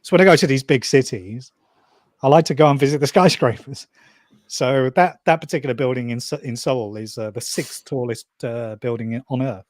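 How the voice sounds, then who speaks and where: A man's voice: medium pitch, a little fast, dry recording. A man from Wales, chatting casually and dryly, teasing and laughing at his own jokes. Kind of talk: casual chat.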